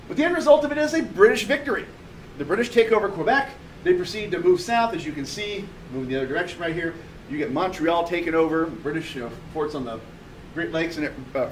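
A man lecturing a class with a high, lively voice that swings up and down as he explains and points at a map. He sits a little back from the mic. Faint room noise runs under him. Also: far from the mic. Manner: animated, conversational, pointing at a map. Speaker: history teacher.

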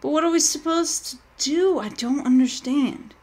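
High-voiced jittery woman streaming a game. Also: moderate pace, a little mellow. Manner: jittery, rambling, often panics and yelps. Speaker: gaming streamer. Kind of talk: live gameplay commentary.

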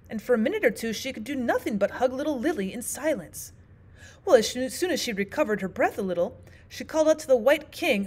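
A woman teacher reading a classic children's book aloud with expressive storytelling. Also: fairly high pitch. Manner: expressive, sing-song storytelling. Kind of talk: audiobook narration.

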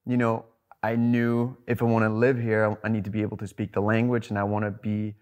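A man's voice: on the low side, completely flat delivery, fairly quick, darkish tone. Man, laughing easily. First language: German. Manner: laughs often, hesitant restarts. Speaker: guest. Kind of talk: casual podcast chat.

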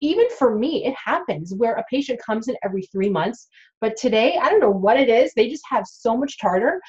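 A middle-aged woman and dental hygienist, talking casually to students in an advice vlog, lively and acting out what patients and dentists say. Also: fairly high pitch, a little fast, lo-fi sound. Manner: chatty, animated, acts out quoted patients and dentists.

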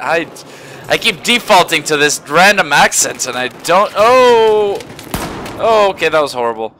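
A man talks through his shooter match in a bright, fairly high voice, slow and drawn out. He mumbles under his breath, then breaks into sudden swearing yelps. Faint gunfire crackles behind him. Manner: excitable, swears and yelps at surprises; mutters quietly to himself between outbursts. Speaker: gamer. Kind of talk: gameplay commentary. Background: faint gunfire from the game.

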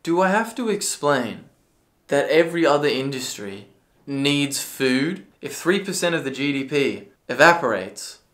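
A man in his own commentary video, ranting with a sarcastic, profane edge. His voice sits at an ordinary middle pitch, and his delivery swings from dry mockery to sudden bursts of shouting. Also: big pitch swings, measured pace. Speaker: political commentary video creator.

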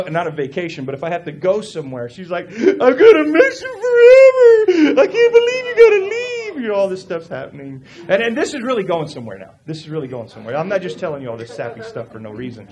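A middle-aged man, a pastor preaching a sermon and telling a personal story in an animated way. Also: high-pitched. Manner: animated, acts out quoted voices.

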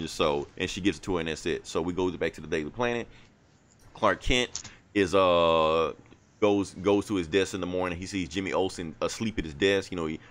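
A man's voice: low-pitched, a bit bright. A man co-hosting a podcast, casually recapping a comic book in a loose, rambling way. He acts out the dialogue in quotes and swears now and then. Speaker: podcast co-host reviewing comics.

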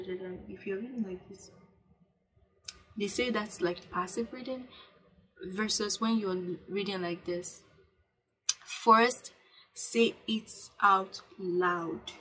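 A woman's voice: mid-range voice, poor audio. A young woman vlogging casual self-help advice to camera, earnest and repetitive, with many fillers and restarts. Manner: coaching, urges viewers to speak aloud.

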